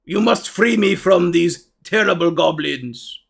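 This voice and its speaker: A man voicing a dim, hulking ogre who talks in a slow, dull-witted drawl. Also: sits high, gravelly, breathy edge, exaggerated voice. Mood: slow pleading.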